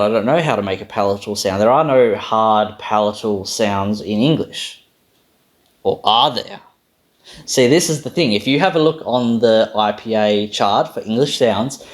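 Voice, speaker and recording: A man with an Australian accent giving a casual, self-deprecating explainer on pronunciation, stopping to say sounds aloud. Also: fairly low pitch. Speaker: language video host.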